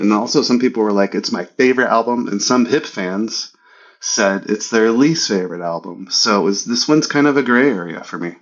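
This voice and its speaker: A man's voice: lowish voice, a bit bright, muffled recording. A man from the United States on a casual podcast, thinking aloud in a hesitant way. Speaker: podcast co-host.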